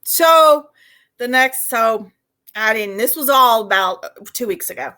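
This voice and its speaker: A middle-aged woman with a Southern accent tells a long story on a casual chat show. Her voice sits a little high and sounds bright and forceful. She giggles through her own lines and shouts out the loud parts. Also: lively intonation, a little slow. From Arkansas. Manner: laughs through her own stories, shouts when acting out scenes. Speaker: podcast co-host.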